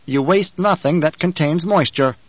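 A man's voice: on the high side, moderate pace, no echo, highs cut off, pitched above the performer's own voice, close to an everyday voice. A man voicing a guarded male planetologist in an audiobook, curt and wary. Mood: explaining. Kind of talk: audiobook character reading.

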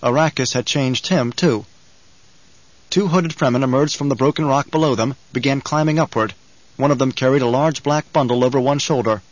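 Man narrating an audiobook, dry and even. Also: medium pitch, dry recording, dull audio. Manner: even, unhurried storytelling. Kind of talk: scripted narration.

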